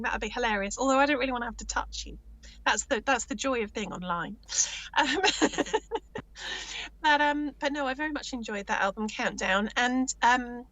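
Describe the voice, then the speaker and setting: A woman co-hosts an online music show in a loose, chatty way. She giggles and teases her co-host. Her voice sits a little high, and the sound is dry and close. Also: a bit bright, dry recording. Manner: giggly, teasing. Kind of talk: casual online show chat.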